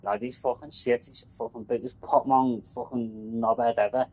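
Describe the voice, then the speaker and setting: A man's voice: mid-range voice, fairly even intonation, moderate pace, darkish tone, husky, low-quality recording. A man, a telecom engineer, rambling and swearing in casual chat about his work.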